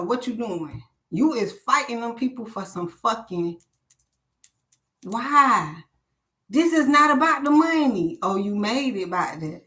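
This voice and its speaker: A woman's voice: fairly high pitch, expressive, a little slow, pushed and bright. A woman hosting a live stream, ranting bluntly and preachily with lots of swearing.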